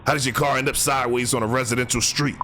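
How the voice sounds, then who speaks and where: A man hosting a comedic doorbell-camera clip show, calmly announcing places, then shouting and heckling the people in the clips. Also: rapid-fire, a little hiss or hum. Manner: heckles people on screen, shouting "get lost"; lively pitch swings, calm place announcements. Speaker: host narrating doorbell clips. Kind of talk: comedic commentary over video clips.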